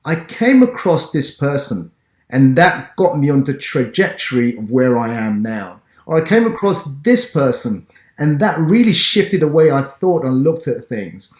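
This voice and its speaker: A man's voice: medium pitch, big pitch swings, measured pace. A man from Ghana with an English accent, hosting a business interview show and talking in an encouraging, motivational way. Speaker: podcast host. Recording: roomy echo.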